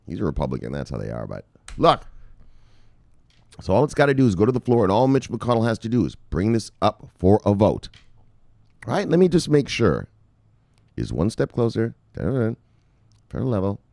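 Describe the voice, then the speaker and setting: A man from Canada vlogs about crypto news in a low, lively voice that leaps up and down as he gets worked up. He swears freely, repeats phrases and calls his viewers brothers. The sound is dry and close, with no room echo. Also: moderate pace, creaky, pauses often. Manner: excitable, profane, repeats himself, addresses viewers as brothers. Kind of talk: animated profane crypto commentary.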